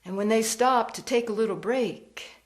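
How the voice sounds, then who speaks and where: A woman storyteller performing a ghost story, slow and hushed, dropping to whispers. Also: on the high side.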